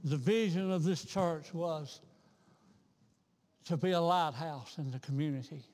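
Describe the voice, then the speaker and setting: High-voiced preacher in a reverberant church. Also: male voice, a little slow. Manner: rhythmic, repeats himself, builds to loud fervent crescendos. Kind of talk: revival sermon. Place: church sanctuary.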